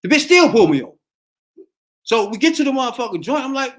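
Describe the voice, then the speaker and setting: A man's voice: very high voice, fast talker. A middle-aged man hosting a podcast, telling a story in casual chat and acting out the voices in it. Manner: animated, acts out voices in his story. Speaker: podcast host.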